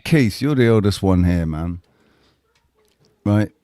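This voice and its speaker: A man hosting a casual online panel chat, relaxed and joking while steering the talk. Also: deep voice, takes it slowly, dry recording, studio quality. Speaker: host.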